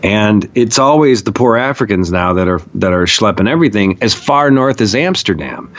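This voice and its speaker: A man with a lowish voice speaks at normal speed, the audio sounding dull. As a podcast guest he tells stories in a casual, rambling, profane way, animated and packed with fillers.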